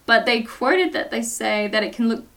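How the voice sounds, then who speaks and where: A woman's voice: fairly high pitch, expressive, normal speed, fairly bright tone, distant mic, low-quality recording. Chatty British woman co-hosting a podcast. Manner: chatty, giggly, self-deprecating. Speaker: podcast co-host. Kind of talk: casual chat.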